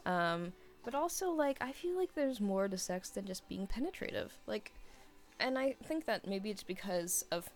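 A young woman answers listener questions in a loose, rambling chat. She giggles often and fills her pauses with "um" and "like". Her voice carries a gravelly vocal fry, and soft music plays faintly underneath. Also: medium pitch. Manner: rambling and giggly, heavy on fillers. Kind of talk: casual chat.

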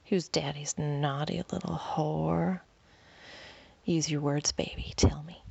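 A woman doing a low, teasing dominant man, whispered role-play. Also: steady tone, takes it slowly, creaky, darkish tone, husky, dry recording, muffled recording, full character voice. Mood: taunting. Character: dominant commanding adult male lover.

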